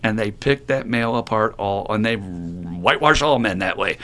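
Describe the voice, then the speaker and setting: A man's voice: normal speed, hardly any pauses. A middle-aged man co-hosting a podcast, talking bluntly with plenty of swearing and acting out the voices of the people he describes. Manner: blunt, profane, animated storytelling; acts out quoted voices in a raised pitch. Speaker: podcast co-host. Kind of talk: casual podcast talk.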